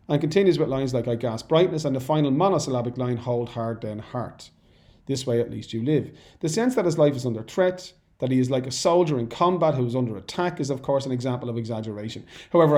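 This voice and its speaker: A man's voice: mid-range voice, a little mellow. A man, a teacher, who reads sample exam answers aloud and breaks off to comment on them in a chatty, encouraging way. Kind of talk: exam-prep lesson.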